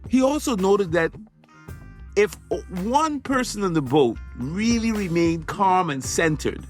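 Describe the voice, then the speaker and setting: Animated male podcast host. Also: high voice, measured pace, soft background music. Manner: emphatic, conversational, repeats phrases for effect. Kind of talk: motivational podcast monologue.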